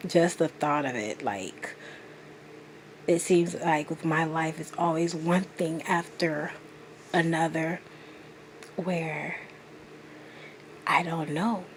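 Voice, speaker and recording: A woman's voice: low-pitched, slow pace, pauses often, a little hiss or hum. A woman in her thirties talking straight to camera in a confessional vlog, earnest and emotional as she confides in her viewers. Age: 30s. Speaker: vlogger.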